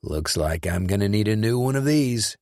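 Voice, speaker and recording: A man's voice: fairly low pitch, animated, moderate pace, a little mellow, dry recording, lightly acted. Man voicing a dry, wry tough guy. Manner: dry, sarcastic. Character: wry tough male ex-soldier.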